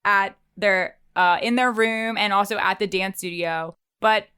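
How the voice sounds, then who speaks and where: A woman's voice: mid-range voice, fairly even intonation, unhurried, pushed and bright, clear, resonant tone. A woman co-hosting a podcast, chatting with bubbly enthusiasm. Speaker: podcast co-host. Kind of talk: casual podcast chat.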